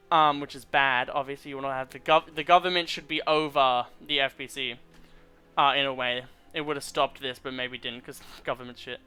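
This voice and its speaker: Bright-voiced rambling gamer man. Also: mid-range voice, fairly even intonation, a little fast, clear, resonant tone. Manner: rambling, reads text aloud with stumbles. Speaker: gameplay streamer. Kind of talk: casual commentary while gaming.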